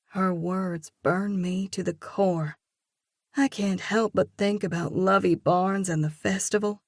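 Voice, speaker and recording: A woman narrating an audiobook in a measured, reflective first-person reading. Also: mid-range voice, steady tone, no echo, studio quality.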